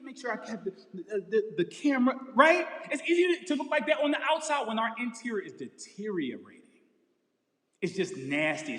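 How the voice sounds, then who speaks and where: A man preaching a lively, casual sermon in slangy everyday talk, acting out the people in the story, in front of camera and lights. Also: very high-pitched. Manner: energetic, slangy, acts out characters. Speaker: pastor. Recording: echoey hall with long reverb.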